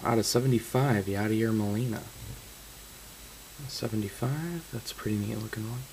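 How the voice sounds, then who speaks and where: A man's voice: lowish voice, normal speed, creaky, a little mellow, slight background noise, low-quality recording. A man opening trading card boxes on camera, reading out card names and breaking into stunned exclamations. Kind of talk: casual card-break commentary.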